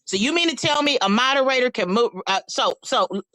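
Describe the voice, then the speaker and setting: A woman's voice: high voice, animated, fairly quick, pushed and bright, dry recording, low-quality recording. A woman, a moderator on a livestream panel, asking indignant questions and tripping over her words. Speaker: panel guest, channel moderator.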